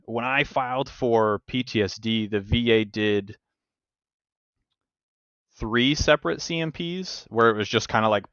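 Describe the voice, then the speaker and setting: A man hosting a podcast, telling stories in casual, profane, animated chat. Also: on the low side, smooth, dry recording, highs cut off. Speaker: podcast host.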